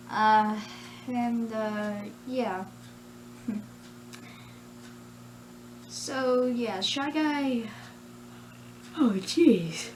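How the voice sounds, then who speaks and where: A woman talking through her plush toy character voices in a casual home vlog, hesitant and giggly with lots of "uh"s. Her pitch sits mid-range and her pace is slow. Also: a little mellow, a little hiss or hum. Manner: hesitant, giggly, many fillers. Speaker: channel host.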